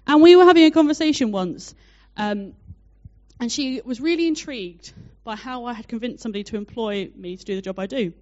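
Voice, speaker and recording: A young woman preaching a sermon, telling a personal story in a chatty, animated way with many fillers. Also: on the high side, moderate pace. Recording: dull lo-fi sound.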